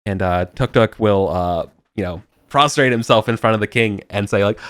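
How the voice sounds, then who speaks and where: A man's voice: lowish voice, normal speed, few pauses, fairly bright tone, dry recording, clean studio sound. A man narrating a tabletop game as game master, rambling and restarting his sentences. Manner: rambling, many fillers and restarts.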